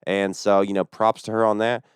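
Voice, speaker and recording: A man, a stand-up comedian, telling a story on a podcast in an animated, profane and exasperated way. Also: lowish voice, fairly quick, smooth, no room sound, clean studio sound. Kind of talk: casual storytelling chat.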